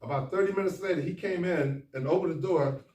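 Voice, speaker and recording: A man, a doctor, giving a folksy, animated talk at a men's conference, speaking straight to the audience. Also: fairly high pitch, fast. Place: conference room. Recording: echoey hall, far from the mic, faint noise.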